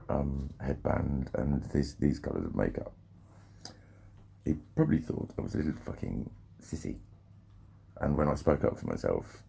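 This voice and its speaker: A man's voice: extremely low pitch, vocal fry, dark tone, a little hiss or hum. A man rambling and swearing freely through a casual vlog monologue, often breaking off and restarting his sentences. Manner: rambling, sweary, self-interrupting. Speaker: vlogger.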